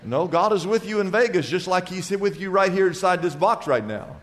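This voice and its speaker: A male pastor delivers a sermon, mixing scripture with jokes and stories and asking the crowd for amens. His voice sits high for a man. The sound carries a long hall reverb. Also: lively intonation, a little fast. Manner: humorous storytelling preacher, asks the congregation for amens.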